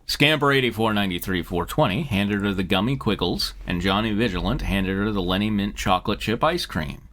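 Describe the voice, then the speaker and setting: A man narrates fan fiction aloud on a live comedy stream. His voice is bright and forceful, and his pitch rises and falls in a lively way. He keeps breaking into chuckles as he reads. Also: fairly quick. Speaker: host and narrator.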